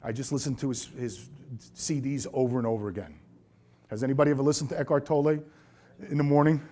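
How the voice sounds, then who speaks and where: A middle-aged man, a chiropractor, giving a seminar talk to colleagues, telling lively stories and acting out the voices of the people he quotes. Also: mid-range voice, fast. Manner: lively storyteller who acts out quoted voices.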